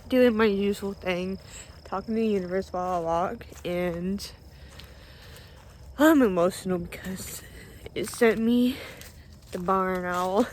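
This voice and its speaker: Soft-spoken young woman vlogging outdoors. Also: medium pitch, slow, pauses often, slight background noise. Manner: soft-spoken, emotional, laughs often. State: breathing a little hard from cold. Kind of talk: casual vlog chat. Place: outdoors by a pond at dusk.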